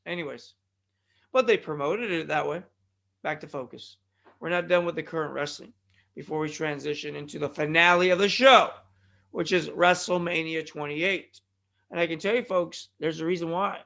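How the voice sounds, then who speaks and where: A man hosting a wrestling podcast, rambling in excitable casual commentary with loud bursts. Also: a little high, vocal fry. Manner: excitable, digressive, loud bursts and mock impressions.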